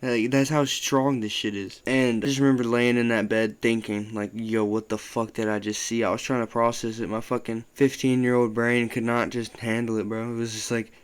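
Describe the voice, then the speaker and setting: A young man telling a story to his channel in a loose, casual way, swearing often and filling pauses with "like". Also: mid-range voice, clean tone. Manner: loose, profane, full of "like" fillers. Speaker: vlogger.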